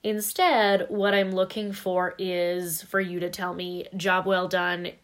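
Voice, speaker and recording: A woman's voice: lowish voice, flat delivery, takes it slowly. A woman co-hosting a podcast in casual chat, candid and emphatic, swearing casually now and then. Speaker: podcast co-host.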